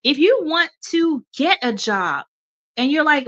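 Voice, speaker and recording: A woman's voice: high-pitched, lively intonation, unhurried, fairly bright tone, lo-fi sound. A woman hosting a radio show, giving an encouraging motivational talk and calling her listeners y'all, a little stuffy. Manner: encouraging, addresses listeners as y'all, repeats okay.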